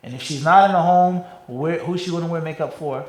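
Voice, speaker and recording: This man's slightly high voice comes through poor audio as he leads an Islamic class in front of a live audience and answers questions. He repeatedly pauses with "what?" for the class to complete his words, moving from loud stresses to hushed asides.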